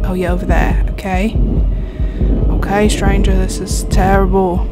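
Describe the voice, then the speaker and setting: A woman's voice: mid-range voice, level tone, measured pace, over music. A woman streamer giving chatty, jumpy let's play commentary, talking to her viewers and shrieking when startled. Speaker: gaming streamer.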